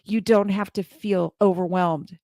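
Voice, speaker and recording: A woman in her forties speaks straight to her viewers in an earnest, motivational way. She often repeats herself for emphasis. Her voice sits at an ordinary middle pitch and sounds close and dry, with no room around it. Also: fairly even intonation, measured pace, dark tone, no room sound. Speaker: live-stream host and community leader. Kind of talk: heartfelt motivational talk.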